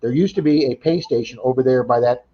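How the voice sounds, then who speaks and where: Fast-talking man telling a story. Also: mid-range voice. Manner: animated retelling, acting out quoted voices. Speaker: livestream chat co-host. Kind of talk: casual storytelling chat. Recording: slightly dull lo-fi livestream audio.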